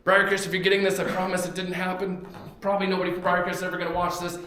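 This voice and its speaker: A man's voice: high-pitched, flat delivery, racing, bright, forceful tone, slight background noise. A young man preaching a sermon in a church, telling a story animatedly and acting out the quotes. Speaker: pastor. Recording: very echoey church hall.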